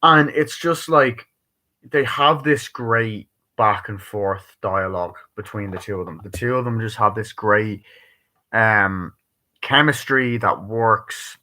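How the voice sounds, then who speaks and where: A man rambling through a casual live-stream movie review, swearing constantly and breaking into quick bits of acted-out dialogue. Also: on the low side, pushed and bright, slight background noise. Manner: acts out dialogue in quick bursts.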